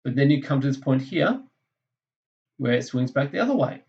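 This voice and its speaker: A man's voice: mid-range voice, sing-song, normal speed, gravelly, dull audio. A man teaching a maths lesson over a screen recording, thinking aloud in a casual way and correcting himself as he goes.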